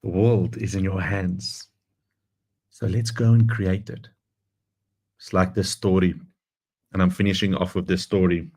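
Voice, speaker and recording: A man's voice: low voice, little pitch movement, a little slow, pauses often, darkish tone. A man giving an earnest motivational talk, telling a story and stressing his key phrases. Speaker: guest speaker. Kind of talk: motivational speech.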